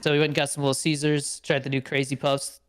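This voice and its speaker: A young man co-hosts a podcast, his voice on the high side, fast and clean as he tells stories in a casual chat. He's an animated storyteller who laughs often, swears, and acts out quotes.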